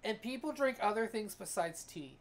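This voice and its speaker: Wry woman podcaster, lively pitch. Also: moderate pace. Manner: wry, joking asides. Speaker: podcast co-host. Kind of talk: casual podcast chat.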